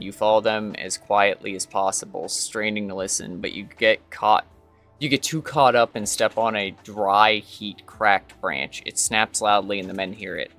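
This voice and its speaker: A man's voice: fairly low pitch, sharp tone. A man streaming a game, reading its story text aloud with hesitant fillers.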